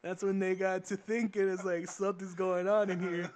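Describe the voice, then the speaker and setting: A young man co-hosting a podcast, telling a story in a casual, animated and profane way, laughing often and acting out the voices of the people in it. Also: high-pitched, normal speed, a little hiss or hum. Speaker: podcast co-host.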